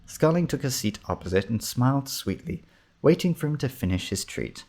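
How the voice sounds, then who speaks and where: A man narrating a comic fantasy story in a steady, measured reading. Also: mid-range voice.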